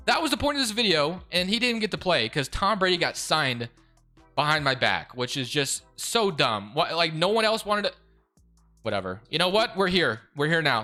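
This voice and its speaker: A young man giving casual commentary over a football video game, excitable and quick to rant in frustration. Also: high voice. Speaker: gaming YouTuber.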